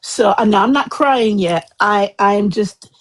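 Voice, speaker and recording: A woman's voice: medium pitch, a little slow. A woman hosting a casual livestream chat, rambling and chatty, laughing often. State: eyes watering from chemo. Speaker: livestream host.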